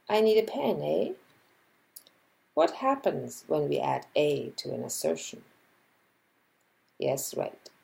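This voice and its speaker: Reading scripted educational material, this woman linguistics lecturer speaks slowly and measuredly, her warm, dark voice heavy with gravelly fry. Her pitch shifts widely, she voices example sentences as she goes, and the audio is poor.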